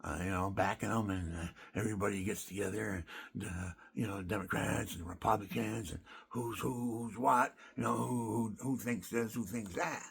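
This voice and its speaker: Gravelly, indignant man ranting. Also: fairly low pitch, moderate pace. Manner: indignant and animated, swinging between loud outbursts and hushed asides. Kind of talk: rambling rant monologue.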